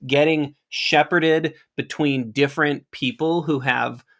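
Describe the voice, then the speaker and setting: A man's voice: on the high side, fairly even intonation, takes it slowly, fairly bright tone. A man co-hosting a podcast in casual chat, rambling and jokey, laughing often. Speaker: podcast co-host.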